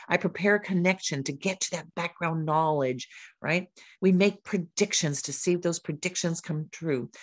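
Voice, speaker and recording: A woman's voice: deep voice, darkish tone, dry recording. A woman who teaches literacy, presenting at a summit and acting out classroom dialogue to show her lesson steps, listing points in short rhythmic phrases. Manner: demonstrates teaching by role-playing her questions to students.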